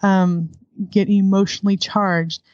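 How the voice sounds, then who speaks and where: A woman's voice: medium pitch, little pitch movement, unhurried, a little mellow, no echo, dull audio. A woman guest, an adoptive homeschooling mother, speaking candidly in a conversational interview and laughing often.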